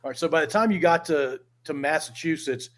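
A man hosting a podcast interview, asking casual, halting questions. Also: on the high side, fairly bright tone. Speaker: podcast host.

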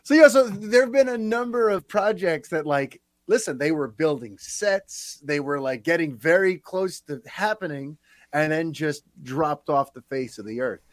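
A man's voice: fairly high pitch, normal speed, no room sound. A man hosting a podcast, talking casually and animatedly with plenty of fillers. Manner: animated, chatty, lots of fillers. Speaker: podcast host.

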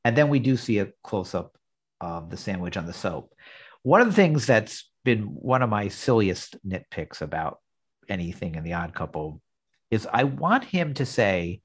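A man's voice: lowish voice, sing-song, moderate pace, husky. A man co-hosting a podcast in casual chat, musing and nitpicky. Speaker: podcast co-host.

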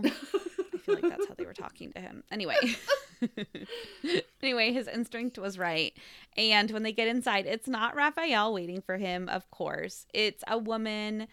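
Lively bright-voiced woman recapping a story. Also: on the high side, normal speed, clean tone, dry recording, clean studio sound. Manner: animated, giggly, acts out characters' lines. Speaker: podcast co-host. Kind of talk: casual chat, recapping a story.

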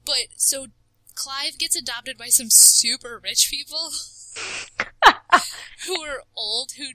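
A woman's voice: sits high, slow, no room sound, rough recording. A woman in casual chat, animatedly retelling a story with frequent laughs and lots of "like". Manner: animated storyteller, laughs often, says "like" a lot. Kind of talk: casual chat recapping a video game story.

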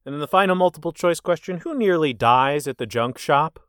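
Guy running a movie quiz, bit high voice, teasing, dead dry sound. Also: lively intonation, a bit bright, dry recording. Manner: teasing, reads quiz options deliberately. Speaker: quiz host. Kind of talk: casual podcast chat.

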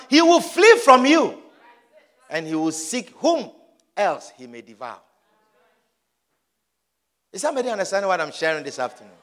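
A man preaching a sermon, urging his listeners with emphatic, repeated exhortations. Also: on the high side.

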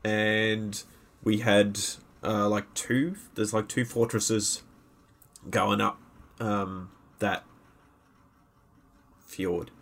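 A low, raspy man from Norway guesting on a podcast in casual chat. He speaks in halting bursts packed with fillers. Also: steady tone, a bit bright.

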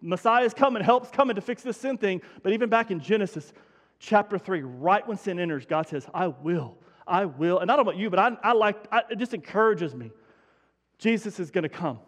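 A man preaching a sermon as pastor, conversational and energetic, repeating key phrases for emphasis. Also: high-pitched, brisk, big-room sound.

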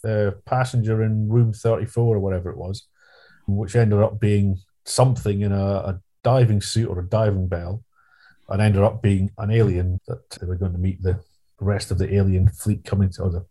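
A man's voice: lowish voice, fairly even intonation, moderate pace, mellow. A man co-hosting a podcast, chatting casually in a rambling, detailed way with occasional chuckles. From England. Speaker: podcast co-host. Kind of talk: casual chat.

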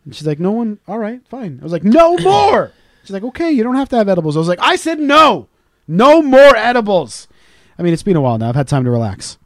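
A man co-hosting a casual podcast, telling stories with lots of swearing and loud acted-out quotes. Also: sits high, lively intonation, racing, few pauses, no echo, clean studio sound. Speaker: podcast co-host. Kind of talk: casual profane chat.

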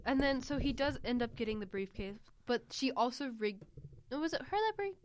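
A woman's voice: high voice, expressive, moderate pace, slight background noise. A young woman chatting casually, retelling a movie in a rambling way full of fillers. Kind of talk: casual chat.

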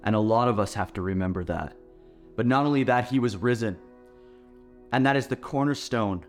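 A man's voice: on the low side, normal speed, faint music behind. A man preaching a sermon as pastor, in an earnest, emphatic way.

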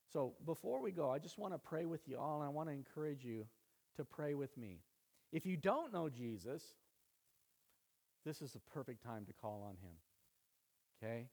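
A man preaching a sermon to his church, building emphasis through repeated phrases and easing into quiet prayer. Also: on the high side, sing-song, normal speed, husky. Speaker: pastor.

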